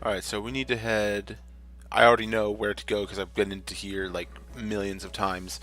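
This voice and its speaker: Man, low pitch, bright forceful tone, rambling let's-play chatter, faint game music behind. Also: level tone, moderate pace. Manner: chatty, rambling, self-correcting, jokey. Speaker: gamer, channel host. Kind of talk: casual let's-play commentary.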